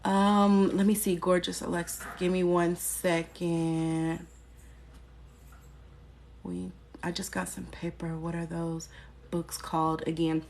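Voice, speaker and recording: A woman with a slightly low voice talks straight into her phone during a casual live stream. She chats candidly, picks up viewer comments as they come in, and lets an occasional curse slip. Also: level tone, unhurried, gravelly, a little mellow, slight background noise. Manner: candid and chatty, reads out and answers viewer comments, occasional swearing. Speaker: spiritual practitioner hosting a live stream.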